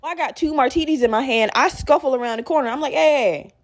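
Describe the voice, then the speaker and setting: Brief: young woman podcast host, fairly high voice, animated and profane, vents as she tells a work story. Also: fast. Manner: animated, profane, acts out quoted people in raised voices. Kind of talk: casual storytelling.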